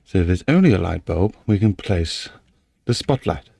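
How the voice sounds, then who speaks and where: A man with a deep, gravelly voice, slightly out of breath. He talks to himself casually while working through a game map, muttering and wondering aloud. His tone is dark and mellow. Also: lively intonation, moderate pace, no room sound.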